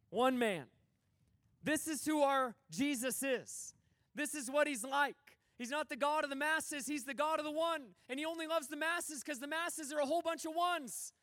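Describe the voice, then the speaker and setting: High-voiced, passionate male preacher. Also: fairly bright tone, dry recording. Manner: passionate, emphatic, acts out quoted dialogue. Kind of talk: conference sermon.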